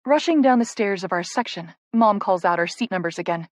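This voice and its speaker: A woman narrating a first-person romance audiobook in a soft, intimate, emotional way. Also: medium pitch, lively intonation, brisk, few pauses, dry recording, studio quality.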